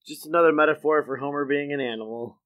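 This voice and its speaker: A man co-hosting a podcast in casual chat, tossing in quick quips and chuckling. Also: a little high, fairly bright tone. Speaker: podcast co-host.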